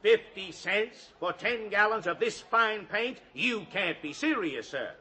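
An actor playing a showy male auctioneer in a radio comedy, running booming sales patter. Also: expressive, unhurried, sharp tone, full character voice. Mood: selling. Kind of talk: 1940s radio comedy acting.

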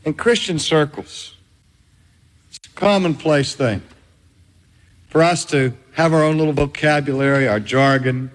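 A high-pitched older man delivers an unhurried sermon. He preaches with measured emphasis and lets pauses hang, and his voice rings out in a long, reverberant hall.

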